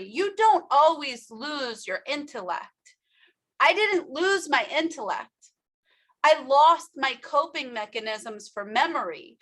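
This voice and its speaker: Bright, high-voiced woman giving a motivational talk. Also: sing-song, takes it slowly. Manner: emphatic, addresses audience directly. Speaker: workshop speaker. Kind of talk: motivational personal story talk.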